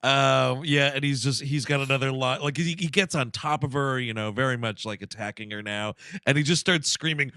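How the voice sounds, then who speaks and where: A man co-hosting a comedy movie-review podcast, riffing on scenes with animated, silly asides. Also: medium pitch, a little fast, hardly any pauses, smooth, no room sound, studio quality. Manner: animated, riffs with silly quoted lines. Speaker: podcast co-host.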